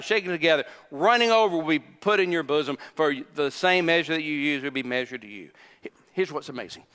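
A man's voice: a little high, sharp tone, clean tone. A man in his sixties, a pastor delivering a sermon, emphatic, repeating phrases and putting questions to the congregation. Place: church sanctuary. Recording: long hall reverb from church.

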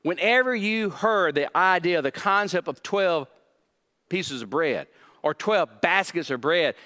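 A man with a fairly high voice preaching a sermon, easy and conversational, leaning on repeated phrases for emphasis. His voice rings with the long reverb of a large church hall. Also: expressive, a little slow, bright, forceful tone. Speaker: pastor.

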